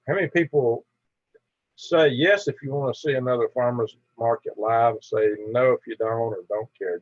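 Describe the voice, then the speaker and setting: A man's voice: medium pitch, no room sound, lo-fi sound. A middle-aged man hosting a casual live stream, reading viewer comments aloud in a chatty, tired way. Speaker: livestream host.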